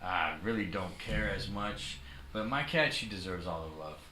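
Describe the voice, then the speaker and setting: A man's voice: low-pitched, moderate pace, pushed and bright. A young adult man hosting a casual livestream chat, rambling and playful with many restarts. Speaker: host. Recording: echoey room with faint noise.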